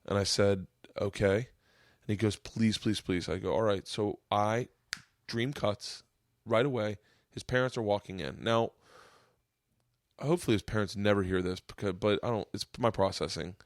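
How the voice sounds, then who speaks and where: A man in his forties hosting a podcast, telling a long story with lively acted-out quotes. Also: on the low side, moderate pace, no room sound, studio quality. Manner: animated storyteller, acts out quotes, gets choked up. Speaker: podcast host. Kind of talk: casual storytelling chat.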